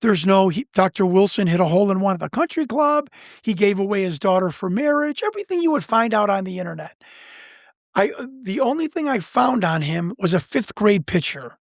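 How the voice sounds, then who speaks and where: Excitable man telling a story, dry sound. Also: sits high, brisk, dry recording. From Chicago, United States. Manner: excitable, with many restarts and acted-out quotes. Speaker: guest, researcher and documentarian. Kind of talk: animated storytelling in a conversation.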